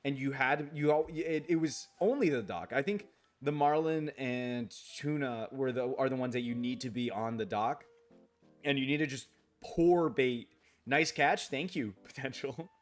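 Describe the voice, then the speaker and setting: A man's voice: mid-range voice, unhurried, faint music behind. Rambling, grumbling male game streamer. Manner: rambling, restarts sentences, grumbles and swears at the game; reads viewer comments aloud and answers them. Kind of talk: casual late-night live-stream chat while gaming.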